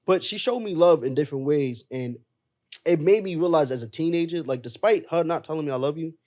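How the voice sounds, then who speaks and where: Emotional and sincere, this young man shares a personal story as a guest on a podcast, repeatedly addressing his friends and the listener as "bro." His voice is fairly high and a little mellow, and his pace is brisk.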